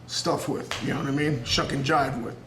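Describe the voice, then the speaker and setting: A man's voice: medium pitch, steady tone, normal speed, fairly bright tone, slight background noise. A man in his thirties with a New York accent, a professional wrestler giving a raw, unscripted promo interview in an earnest, intense, rambling way. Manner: earnest and intense, rambling, circling back on himself. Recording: roomy echo.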